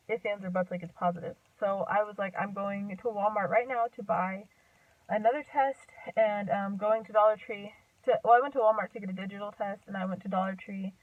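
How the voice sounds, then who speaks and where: A woman's voice: medium pitch, dry recording. A woman of about twenty chats casually to camera, looping back to correct herself and packing every sentence with "like" and "um". Her voice comes through thin and phone-like. It sounds as though she sits a little way back from the microphone. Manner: rambling, full of "like" and "um", self-correcting. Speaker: vlogger. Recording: tinny, phone-like sound from a distance off the mic.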